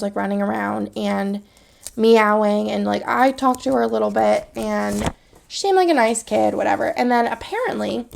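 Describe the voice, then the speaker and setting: A woman's voice: a little high, vocal fry. A woman in her thirties, telling a story in rambling casual vlog chat with many fillers. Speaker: planner vlogger.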